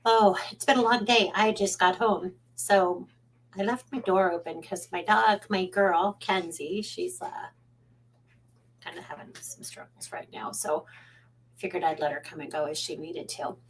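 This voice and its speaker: A woman's voice: fairly low pitch, a little slow, slight background noise, poor audio. A woman psychic at home, chatting casually on a live stream in a rambling way and greeting viewers by name.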